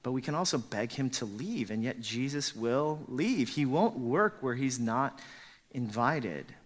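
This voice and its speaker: A man's voice: mid-range voice, lively intonation, unhurried, long reverb tail. A man preaching a sermon as pastor, emphatic and full of rhetorical questions.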